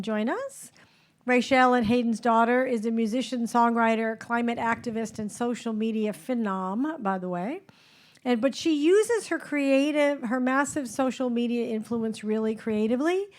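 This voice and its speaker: A woman moderates a panel and introduces each guest in turn. Her voice is slightly high, and her introductions are upbeat and full of praise.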